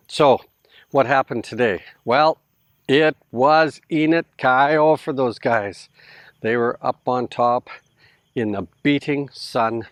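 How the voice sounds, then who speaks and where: A man's voice: on the low side, dry recording. A middle-aged Canadian man with a Canadian accent, talking casually to camera outdoors in a vlog and laughing often. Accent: Canadian English. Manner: chatty, laughs often, talks straight to viewers. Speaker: vlogger. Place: outdoors at a house build site in the Philippines.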